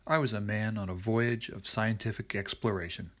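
A man and regular reader reading a first-person story in a dry, deadpan way. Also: fairly low pitch, normal speed.

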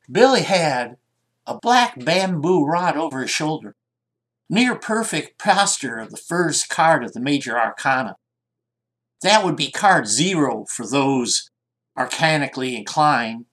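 A man tells a short story slowly and with plenty of rise and fall in his voice. He adds relaxed, musing asides to the listener between the lines. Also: a little high. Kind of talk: story reading.

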